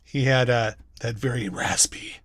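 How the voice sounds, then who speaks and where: Bright-voiced earnest man in casual chat. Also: mid-range voice, husky, no room sound. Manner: earnest, halting with fillers.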